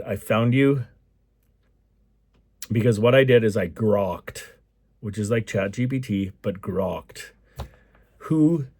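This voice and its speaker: A man's voice: fairly low pitch, darkish tone, slightly rough. A man from Alberta, Canada, who owns a construction company, telling a rambling, enthusiastic story in a casual vlog. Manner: rambling and enthusiastic, with repeated asides.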